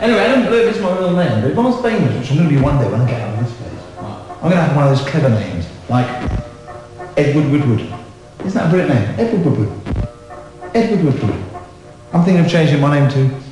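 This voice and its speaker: A man's voice: on the high side, expressive, fast, very echoey, in a large hall, music in the background, natural voice, rough recording. An actor playing a hapless male comedian patient who talks in an eager, chatty way.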